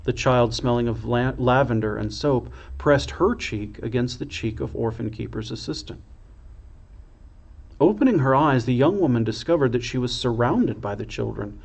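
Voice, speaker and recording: A man, a priest, reading a children's storybook aloud in a slow, expressive way. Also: medium pitch, creaky.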